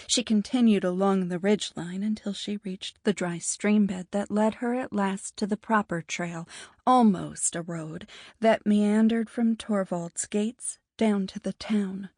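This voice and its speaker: A woman with a medium-pitched voice reads a fantasy audiobook in a measured, even storytelling style. The scripted narration is recorded with clean studio sound and no echo.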